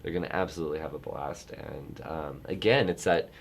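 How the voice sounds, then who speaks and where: Deep-voiced rambling middle-aged man. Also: fairly quick, vocal fry. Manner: rambling, self-interrupting storyteller who gets animated. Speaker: travel industry guest. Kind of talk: casual chat.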